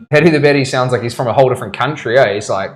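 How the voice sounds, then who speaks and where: A man's voice: medium pitch, fast talker, a little hiss or hum. A man with a New Zealand accent, a tattoo artist chatting casually and bantering with laughter in his studio. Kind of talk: casual chat while tattooing.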